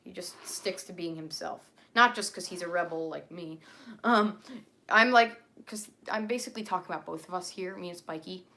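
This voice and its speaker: A woman's voice: on the low side, normal speed, sharp tone. Rambling young woman on a livestream. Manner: rambling, full of fillers and restarts. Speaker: livestreamer and character creator. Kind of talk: casual livestream chat.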